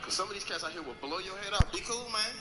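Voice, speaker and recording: A man with a high voice launches into a profane, streetwise stand-up style rant. His tone is confrontational and brash. The recording is roomy and echoey, with loud noise behind him. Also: lively intonation, fast.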